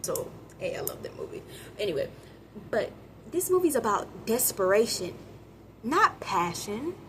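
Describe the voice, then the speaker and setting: A woman giving a casual, animated movie review, chatting with viewers and acting out characters' lines in quick voices. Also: a little high, slight background noise, poor audio. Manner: chatty, addresses viewers as y'all.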